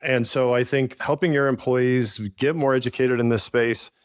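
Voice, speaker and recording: Co-hosting a business podcast, a man earnestly tells stories from his work as a leader, often saying "I think" in casual conversational chat. His medium-pitched voice has a clean tone, fairly even intonation and normal speed. The recording is dry, with clean studio sound.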